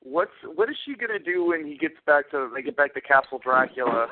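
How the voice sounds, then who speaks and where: Lively man with a lifted voice, tinny line. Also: fairly high pitch, brisk, a little hiss or hum. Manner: playful, lively, acting out lines. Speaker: podcast co-host. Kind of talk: casual movie review chat. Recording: tinny phone-like audio.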